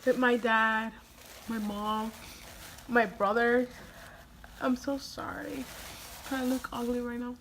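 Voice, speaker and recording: A woman's voice: fairly high pitch, flat delivery, slow pace, pauses often, fairly bright tone, a little hiss or hum. A young woman vlogging casually, rambling and tearful after crying, breaking into small laughs and sighs. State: has been crying. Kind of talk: casual emotional vlog.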